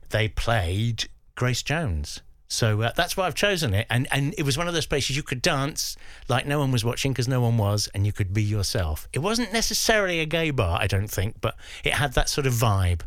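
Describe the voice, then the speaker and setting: A man's voice: medium pitch, no echo, clean studio sound. An English man in his fifties, a guest DJ reminiscing in a radio interview and acting out the voices he quotes. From England. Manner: animated storyteller who acts out quoted voices.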